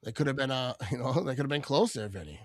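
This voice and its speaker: A man's voice: mid-range voice, animated, fast, no room sound, studio quality. A man from Wisconsin hosting a live watch-party stream, chatting casually, laughing often and repeating "you know what I mean.".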